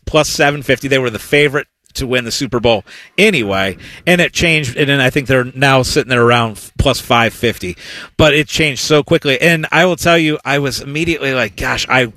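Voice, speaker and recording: A man's voice: mid-range voice, bright, forceful tone, no echo. A man co-hosting a sports betting talk show, telling stories animatedly and laughing often. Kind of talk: casual chat.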